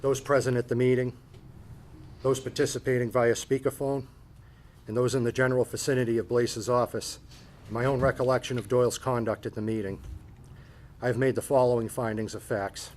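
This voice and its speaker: A man chairing a town board meeting, reading findings of fact in a measured, formal and procedural way. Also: mid-range voice, little pitch movement, a little mellow, a little hiss or hum.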